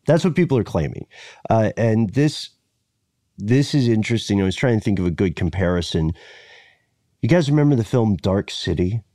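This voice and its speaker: Deep-voiced relaxed male podcast host. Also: normal speed, dry recording, studio quality. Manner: relaxed, meandering, with frequent fillers. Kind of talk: casual conversational storytelling.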